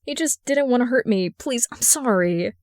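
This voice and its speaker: A woman's voice: sits high, expressive, slow, dry recording, voice pushed up. A woman voicing Briar, a young working girl in a storybook reading, with a rising, pleading voice.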